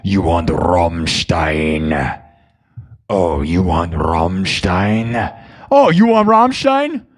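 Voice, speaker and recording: A man putting on the voice of a menacing male metal frontman, a slow, drawn-out, deep growl. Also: very animated, exaggerated voice.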